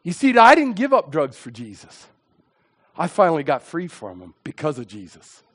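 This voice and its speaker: A man's voice: on the high side, wildly swooping pitch, normal speed, fairly bright tone. A middle-aged man preaching his personal testimony, emphatic and repetitive as he tells his story.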